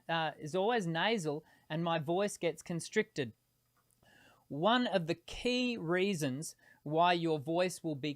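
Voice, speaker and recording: A man hosting a live singing Q&A as a voice teacher, explaining technique patiently and pausing to demonstrate tones, with frequent hesitations between points. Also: high voice, fairly bright tone, no room sound, studio quality. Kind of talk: live-streamed Q&A.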